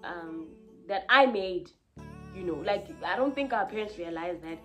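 A woman's voice: fairly low pitch, animated, unhurried, faint music behind. A young woman, venting candidly to camera in a confessional vlog, rambling and heartfelt with many fillers and restarts. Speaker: vlogger.

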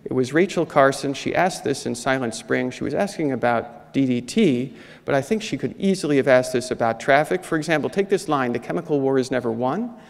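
Gravelly man lecturing in a big hall. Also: medium pitch, animated, brisk, few pauses. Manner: conversational lecturing with slides, rhetorical questions. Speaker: keynote speaker, historian. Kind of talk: conference keynote lecture. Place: large conference hall. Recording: hall with long reverb.

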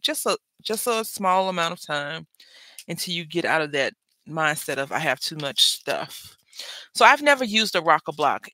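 Chatty, bright-voiced crafting host, rambling. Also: mid-range voice, dry recording. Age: adult with school-age kids. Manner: rambling, chatty, self-interrupting. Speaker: papercraft channel host. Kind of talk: casual chat while crafting.

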